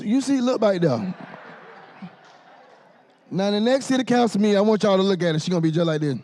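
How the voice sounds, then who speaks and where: A man's voice: high voice, mellow. Teasing emcee man. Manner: joking, teasing, conversational. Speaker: master of ceremonies. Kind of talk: comedic emcee roast.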